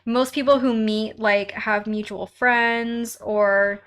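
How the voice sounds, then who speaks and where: A woman's voice: on the high side, steady tone, takes it slowly, a bit bright, smooth. A young woman hosting a casual live stream from home while crafting, chatting with viewers and reading their comments aloud in a bubbly way, laughing often.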